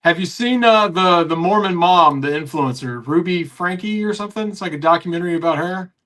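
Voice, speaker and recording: A man with a notably high voice hosts a loose sports radio hangout. He rambles along, stumbling through fillers and restarts. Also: a little fast, a bit bright. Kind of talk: casual sports chat.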